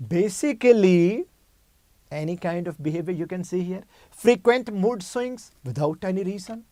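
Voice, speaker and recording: A man's voice: sits high, lively intonation, normal speed, mellow, dry recording. A male medical lecturer teaching a clinical case, repeating key terms and asking rhetorical questions.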